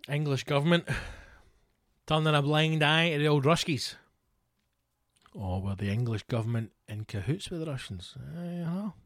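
A man's voice: on the high side, moderate pace, dry recording, studio quality. A Scottish man hosting a podcast, ranting sarcastically, swearing freely and reading news reports aloud. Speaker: podcast host.

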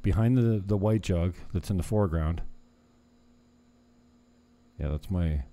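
Slow, low-voiced man in a rambling vlog chat. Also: mellow. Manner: meandering, self-interrupting, chuckling asides. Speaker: vlogger. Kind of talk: casual rambling chat to camera.

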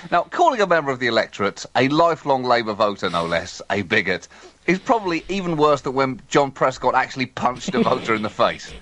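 A man's voice: mid-range voice, very animated, fairly bright tone. Mocking male comedy podcast host. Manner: quick, mocking, laughing. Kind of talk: satirical comedy podcast chat.

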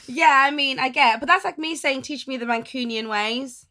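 A young woman from Essex with an Essex accent, co-hosting a casual chat podcast and teasing her friend with animated stories. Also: high-pitched, normal speed. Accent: Essex English. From Essex, England. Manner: giggly, teasing, animated storyteller. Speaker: podcast co-host.

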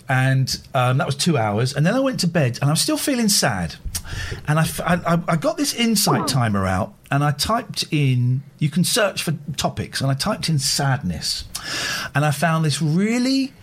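Husky, emotional man. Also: mid-range voice. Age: middle-aged. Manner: open, emotional, rambling. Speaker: host. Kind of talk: casual chat.

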